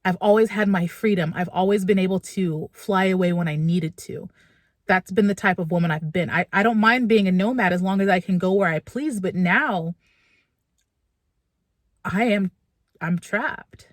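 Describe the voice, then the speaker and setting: A woman's voice: mid-range voice, moderate pace, no room sound, clean studio sound. A woman vlogging from her car and then a supermarket, candidly venting and getting emotional. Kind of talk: casual personal vlog.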